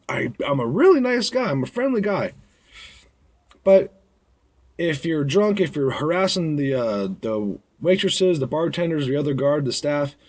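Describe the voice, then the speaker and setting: A man's voice: on the high side, darkish tone. A young man who works as a bar bouncer, telling stories in a blunt, rambling way and acting out drunk patrons. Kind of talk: casual storytelling vlog.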